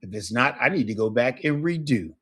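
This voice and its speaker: A man's voice: medium pitch, lively intonation, fairly quick, fairly bright tone, slightly rough. A man teaching a language class, explaining patiently and checking in with his students often. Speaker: Spanish teacher. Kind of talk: online class lesson.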